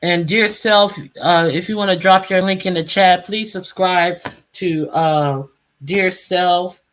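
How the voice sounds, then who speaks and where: A woman's voice: lowish voice, fairly even intonation, slow pace, a bit bright. A woman hosting a casual live stream, chatting and calling guests up to speak. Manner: chatty, calls out guests by name.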